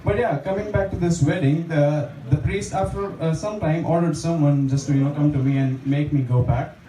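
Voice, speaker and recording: A man's voice: fairly high pitch, normal speed, warm tone. A young man doing open mic stand-up in a small bar, chatty and self-deprecating, with lots of fillers. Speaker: stand-up comedian. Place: small bar stage with a live audience. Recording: echoey bar room, distant mic, audience laughter.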